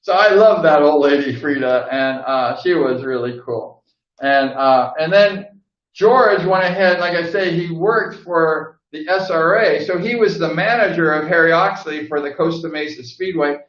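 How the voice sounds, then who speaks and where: A man's voice: fairly high pitch, moderate pace, a bit bright. An older man rambling through old stories in a casual monologue, laughing now and then and acting out the people he quotes. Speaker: host. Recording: roomy, distant, dull sound.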